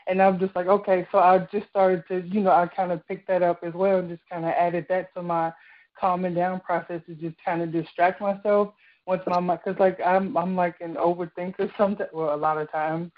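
A young woman speaking in a casual chat, telling her story with animation and many fillers. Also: on the low side. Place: radio studio. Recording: muffled radio broadcast audio.

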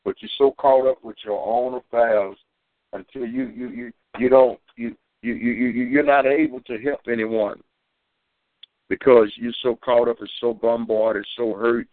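A man preaching and telling a personal testimony on a community call, fervent, with sudden high bursts when he quotes himself. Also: steady tone, unhurried, no echo. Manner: fervent storytelling, climbing high for quoted shouts. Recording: tinny phone line.

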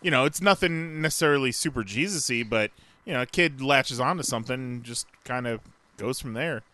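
A man co-hosting a podcast, offering relaxed, joking banter in casual chat. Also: medium pitch, brisk. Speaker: podcast co-host.

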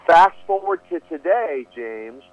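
A man's voice: a little high, huge pitch swings, a little slow, gravelly, dry recording. Earnest man telling a testimony over a tinny phone line. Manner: earnest, repeats words when restarting. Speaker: guest, preacher. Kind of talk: storytelling testimony.

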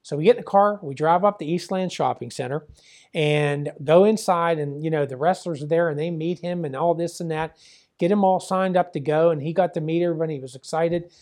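A former wrestling promoter, an older man from the Pittsburgh area, spins a rambling, chatty story packed with fillers, acting out the dialogue he quotes. His voice is a little high, a little mellow, and fairly quick.

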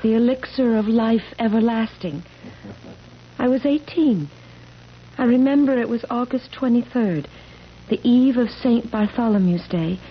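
A woman's voice: a little high, a little slow, a little hiss or hum, lightly acted. A woman playing an ageless young woman. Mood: earnest. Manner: earnest, insistent. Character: young woman who never ages, earnest and haunted. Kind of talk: 1970s radio drama acting. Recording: dull lo-fi radio broadcast.

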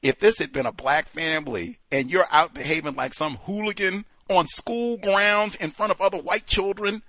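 A man's voice: high voice, normal speed, pushed and bright, no room sound. A man hosting a call-in show, giving emphatic, sarcastic commentary. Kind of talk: talk radio commentary.

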